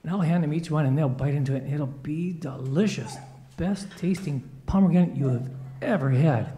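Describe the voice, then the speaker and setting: A man telling a children's story in a church service, playful and animated, acting out quoted lines. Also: fairly high pitch, normal speed.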